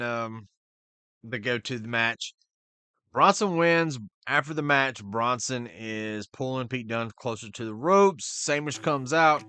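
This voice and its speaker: A man hosting a podcast, recapping a wrestling show in casual, profane chat and quickly voicing the people he quotes. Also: mid-range voice, clear, resonant tone, no echo. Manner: profane, excitable, retells scenes in quick voices. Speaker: podcast host.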